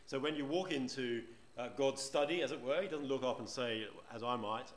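A man delivers a sermon in a roomy church, his voice carrying a clear echo and a faint wash of room ambience. He speaks conversationally and keeps turning to the congregation with rhetorical questions. His pitch sits in the middle of the usual male range. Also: normal speed, a little hiss or hum. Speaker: preacher.

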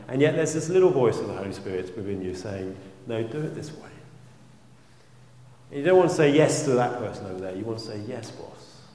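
Earnest male preacher, lowish voice, gentle delivery, echoing church hall. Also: slight background noise. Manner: gentle, earnest, drops very soft on quoted phrases. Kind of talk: sermon and spoken prayer. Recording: roomy hall with long reverb.

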